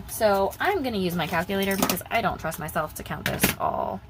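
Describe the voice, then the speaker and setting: A woman's voice: mid-range voice, lively intonation, moderate pace, heavy background noise. A young woman chatting casually in her vlog, rambling and repeating herself as she talks about budgeting. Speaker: budgeting vlogger.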